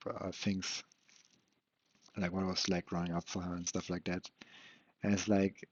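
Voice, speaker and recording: A young man in an unscripted, rambling monologue, talking haltingly and questioning himself, with frequent restarts and casual swearing. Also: deep voice, slightly rough, no echo. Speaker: vlogger. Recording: dull lo-fi, dry sound.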